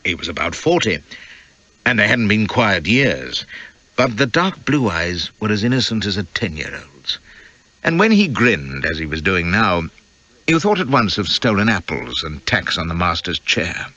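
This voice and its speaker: A man narrating an audiobook with wry, sardonic relish, his fairly low voice swinging in lively pitch. The tone is bright and forceful, and the recording is dry and close. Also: normal speed, dry recording, lo-fi sound. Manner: wry, sardonic first-person telling.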